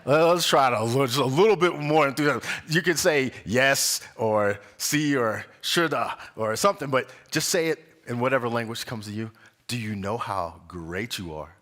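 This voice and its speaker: A young man giving a conversational sermon at a spiritual center, an animated storyteller who acts out the voices in his stories and laughs often. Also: mid-range voice, moderate pace. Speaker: guest speaker at a spiritual center. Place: church sanctuary.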